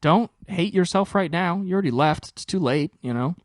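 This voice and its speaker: Soothing young girlfriend done by a man, soft, consoling, raised high voice. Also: animated, normal speed, no echo, studio quality.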